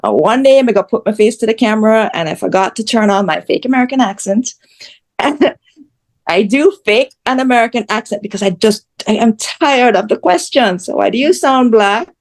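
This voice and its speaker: A Jamaican woman who creates social media content is a guest in an interview, telling her story openly, bluntly, and with lots of animation. Her voice is fairly high and she talks fairly quickly.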